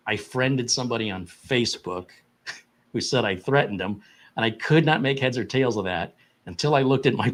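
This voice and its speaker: Animated man telling a tech story. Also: mid-range voice. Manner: animated, incredulous retelling with laughs. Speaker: tech support co-host. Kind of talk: casual storytelling on a live stream.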